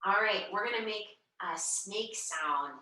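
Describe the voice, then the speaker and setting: Slow, bright-voiced woman teaching kids' yoga. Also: mid-range voice. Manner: slow, gentle and encouraging, leading chants and animal sounds. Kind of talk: guiding a children's yoga class. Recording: echoey room, mic far off.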